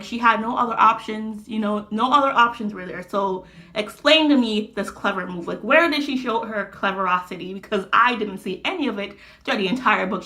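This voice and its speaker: A woman's voice: on the high side, pushed and bright. A young woman talking casually about a book she is reading, slangy and swearing freely as she rants. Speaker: book reviewer. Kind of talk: casual book review vlog.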